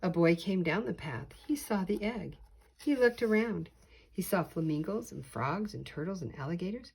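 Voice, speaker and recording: An older woman, a grandmother, reading a children's picture book aloud slowly and expressively. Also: on the low side, creaky, slightly rough. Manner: slow, deliberate, expressive reading. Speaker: storyteller.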